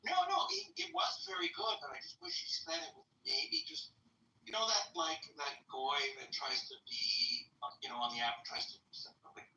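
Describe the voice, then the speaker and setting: A man in casual group chat, talking excitably and over others. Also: very high voice, fairly quick, gravelly. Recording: echoey and distant with faint noise.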